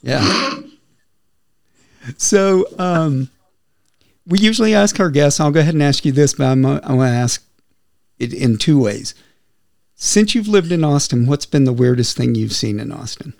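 Gravelly, animated man hosting. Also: on the high side, a little slow, pauses often, no echo, clean studio sound. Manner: friendly, chatty, leads the questions. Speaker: podcast host. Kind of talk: casual podcast interview.

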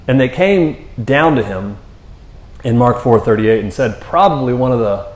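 A man's voice: mid-range voice, animated, moderate pace, a little mellow. A male pastor preaching in a loose, conversational way, often tossing in "man" and "you know.". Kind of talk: sermon. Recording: echoey room.

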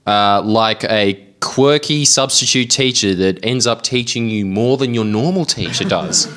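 A man co-hosting a comedic podcast, talking in a quick, wry way and laughing often. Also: lowish voice, fairly bright tone. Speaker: podcast co-host.

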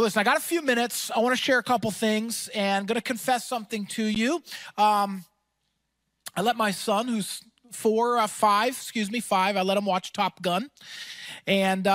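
A man preaching a sermon as pastor, energetic and emphatic, with casual fillers and quick asides. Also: high voice, no room sound.

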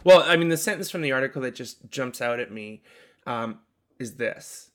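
Podcast co-host, man, mid pitch, emphatic, full of restarts and asides. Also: animated, normal speed. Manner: thinks aloud with restarts, emphatic. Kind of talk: casual chat about marketing.

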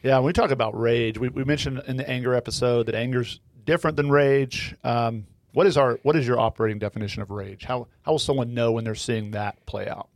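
A man's voice: medium pitch, steady tone, brisk, few pauses. A man hosting a podcast discussion, reflective and asking questions. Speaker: host.

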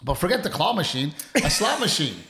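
A man's voice: high-pitched, brisk, vocal fry, heavy background noise. A man co-hosting a casual chat with his partner, telling stories with lots of "dude" and "right?". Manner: animated storyteller, says "dude" and "right?" a lot. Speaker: podcast co-host. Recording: roomy echo.

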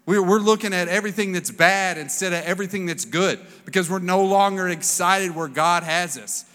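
A man's voice: sits high, a little fast, a bit bright. A man in his thirties preaching a sermon in a casual, storytelling way, acting out the voices he quotes. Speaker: pastor. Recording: long reverb of a large hall.

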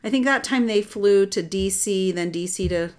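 A middle-aged woman telling a personal story in casual chat, animated and rambling, with restarts. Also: medium pitch, moderate pace, clear, resonant tone. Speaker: adoptive mother telling her story.

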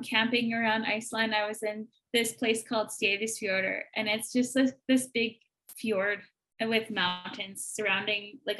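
A woman from Manitoba, Canada, guest on a podcast, telling a story in an animated way and laughing often. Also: fairly high pitch, rough recording. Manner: animated, laughing often, acts out quoted voices. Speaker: guest, entrepreneur.

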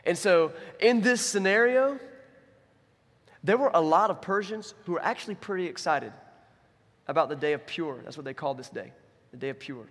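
Male pastor, animated storyteller, slightly high voice, long hall reverb. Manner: animated, acts out characters in quick asides. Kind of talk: sermon storytelling.

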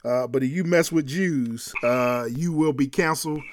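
A man co-hosting a casual sports and culture chat, animated and laughing often, repeating himself as he builds a point. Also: mid-range voice, moderate pace, a little hiss or hum. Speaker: podcast co-host.

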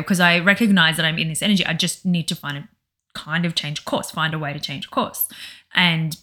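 A woman co-hosting a podcast, chatting casually and reflectively, animated, swearing freely and laughing often. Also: deep voice. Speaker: podcast co-host.

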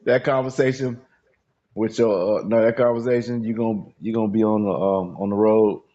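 A man's voice: lowish voice, steady tone, normal speed, mellow, dull audio. A man co-hosting a podcast, reacting with laughs and crude jokes during banter. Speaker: podcast co-host.

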